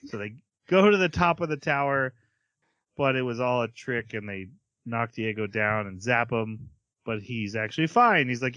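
A man hosting a podcast, chatting casually as he recaps an anime episode, laughing often and quickly acting out the characters' lines. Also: medium pitch, lively intonation, fairly bright tone, no echo, muffled recording. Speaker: podcast host.

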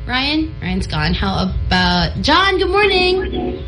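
A woman's voice: sits high, very animated, slow, fairly bright tone, faint music behind, poor audio. A woman from the Philippines co-hosting a call-in radio show, playful and teasing, mixing Tagalog into her English. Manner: playful, laughs often, mixes in Tagalog. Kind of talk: casual call-in radio chat.

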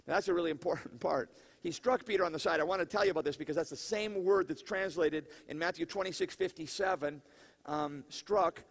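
A man preaching a conversational sermon in an animated way, with laughing asides and questions to the congregation. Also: fairly high pitch, a little fast, creaky. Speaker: pastor.

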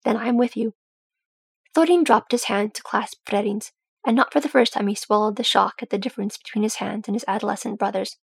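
A woman reading fan fiction aloud, with steady storytelling. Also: mid-range voice, fast talker, gravelly, breathy edge, no room sound. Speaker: audiobook reader.

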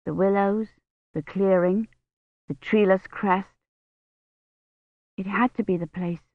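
A woman narrating an audiobook in a measured, even storytelling manner. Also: medium pitch, no room sound, narrow, tinny audio. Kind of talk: scripted narration.

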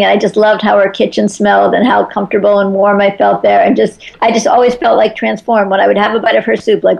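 A woman's voice: mid-range voice, creaky, darkish tone, rough recording. A middle-aged woman from Chicago, an author being interviewed, telling stories in a chatty way with lots of filler words. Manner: chatty, storytelling, many "like" fillers. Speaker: guest, author. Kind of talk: conversational interview.

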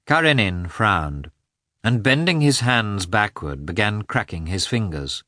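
A man narrating an audiobook in a measured, subdued reading voice. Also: deep voice, lively intonation, sharp tone, dry recording, clean studio sound. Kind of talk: scripted narration.

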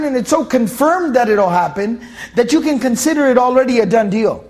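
Brief: male Quran teacher with a high voice, emphatic and repetitive, chants verses. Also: darkish tone. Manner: emphatic, repeats key phrases; recites Arabic verses in a chanting tone. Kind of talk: Quran commentary lesson.

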